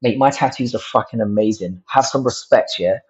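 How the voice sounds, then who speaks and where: A man's voice: medium pitch, fairly quick, darkish tone, slightly rough. A young man, host of a casual livestream, chatting to viewers in a rambling, sweary way with many restarts. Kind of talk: casual livestream chat reacting to comments. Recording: dull lo-fi stream audio.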